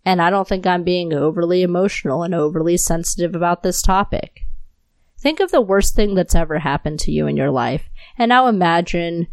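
A woman's voice: lowish voice, animated, a little fast, no room sound. A woman hosting her solo podcast, talking straight into her new mic, angry and impassioned, swearing often. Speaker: podcast host.

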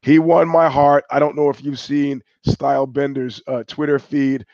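A man's voice: medium pitch, flat delivery, normal speed, a little mellow, dry recording. An older man hosting a livestream, talking in a rambling, profane, digressive way. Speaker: host. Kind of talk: casual livestream monologue. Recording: dull, dry lo-fi stream audio.

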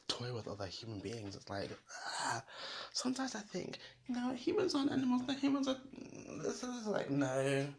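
A woman vlogger telling a rambling story in a blunt, sassy way, swinging between loud outbursts and hushed asides. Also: extremely low pitch, creaky, slight background noise.

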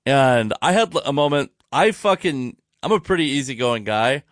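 A man hosting a casual podcast chat, telling a story in an animated, profane way. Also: mid-range voice, normal speed, no room sound, clean studio sound. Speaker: podcast host.

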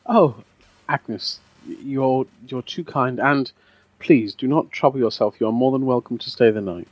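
A man voicing a gentle, polite young priest in a tabletop role-play, speaking formally. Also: medium pitch, measured pace, no room sound, lightly acted, poor audio.

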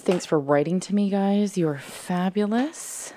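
A solo podcast host records at home into a close mic, cheering her listeners on with a peppy pep talk and cursing for emphasis. Her mid-range voice is mellow and measured in pace.

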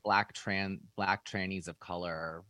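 Raspy podcast guy, real low voice, sardonic rambling chat, dry close mic. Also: normal speed, no room sound. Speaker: podcast co-host.

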